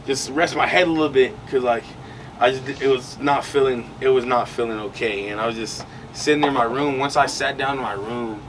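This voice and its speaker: A man's voice: medium pitch, a little fast. Young guy rambling a story on a podcast, lots of like and you know, far from the mic, ac hum behind. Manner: rambling, slangy, lots of fillers. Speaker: podcast co-host. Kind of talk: casual storytelling chat. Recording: distant mic with noise behind.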